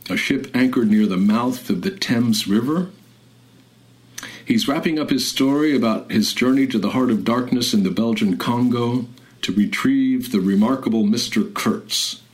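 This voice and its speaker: A man hosting a show on literature, speaking in a measured, deliberate and scholarly way. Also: mid-range voice, rough recording. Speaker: radio host. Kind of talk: literary commentary and reading.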